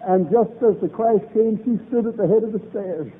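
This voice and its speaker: A man's voice: high-pitched, normal speed, slightly rough. A man preaching a revival sermon, fervent and emphatic, repeating lines for emphasis. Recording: tinny old lo-fi recording.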